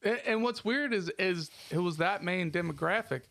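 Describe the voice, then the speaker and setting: Slightly high-voiced man ranting profanely. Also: normal speed, creaky, fairly bright tone, no room sound. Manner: ranting, exaggerated complaints, heavy swearing. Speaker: podcast co-host. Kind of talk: casual profane podcast banter. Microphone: podcast microphone.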